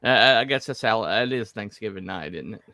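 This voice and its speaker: Gravelly man, rambling casual chat. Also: lowish voice, lively intonation, pushed and bright, dry recording, clean studio sound. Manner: rambling, halting with many fillers and restarts. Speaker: podcast co-host.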